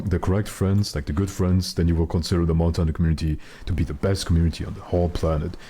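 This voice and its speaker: Young guy w a super deep mellow voice, rambly casual stream chat, lots of ums. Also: steady tone, fast, hardly any pauses, breathy edge. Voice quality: naturally very deep voice. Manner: rambling, joking, profane, many fillers.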